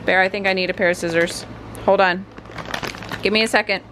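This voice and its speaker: A woman's voice: medium pitch, fairly even intonation, brisk, background noise. A young woman chatting casually in a home vlog, often switching to a sing-song voice for her dog. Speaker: vlogger. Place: home living room.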